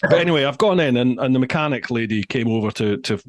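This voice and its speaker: A Scottish man hosting a podcast, chatting casually and telling lively anecdotes with frequent laughter. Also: medium pitch, quick pace. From Scotland. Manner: animated storyteller, laughs often. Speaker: podcast host. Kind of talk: casual chat.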